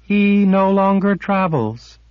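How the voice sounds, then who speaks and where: A man voicing a timid, cold female creature made of quicksilver, speaking slowly and distantly in a storybook reading. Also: high-pitched, lively intonation, clear, resonant tone, no room sound, faint music behind, voice pushed up. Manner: slow, distant, wounded. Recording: dull lo-fi audiobook recording.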